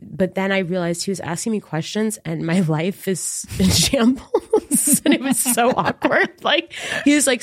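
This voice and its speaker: A woman's voice: medium pitch, expressive, normal speed, hardly any pauses, no echo, studio quality. A young woman in her twenties, co-hosting a podcast and telling a dating story through bursts of laughter. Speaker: podcast co-host. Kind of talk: casual chat.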